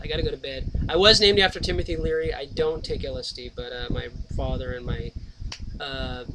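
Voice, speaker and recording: A man's voice: a little high, background noise. A man talking straight to camera at home in a rambling, profane, topic-hopping monologue. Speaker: vlogger. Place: at home, indoors.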